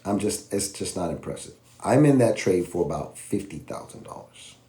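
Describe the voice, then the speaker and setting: A man casually teaching trading, animated and slangy, acting out both sides of an argument with himself. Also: low voice, normal speed. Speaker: trading educator.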